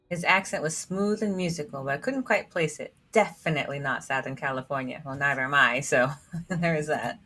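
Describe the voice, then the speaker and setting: Bright, giggly woman playing a story game. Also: low voice, normal speed. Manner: giggly, self-deprecating, reads dialogue aloud. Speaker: gamer reading all the game's characters. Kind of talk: let's play commentary.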